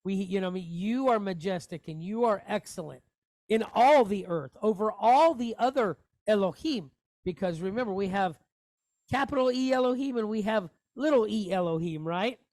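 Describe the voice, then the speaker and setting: A man's voice: high voice, lively intonation, normal speed, a little mellow, dry recording. A man teaching a Hebrew reading lesson online, patiently spelling out letters and vowels with jokey asides. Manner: patient, explains step by step with asides.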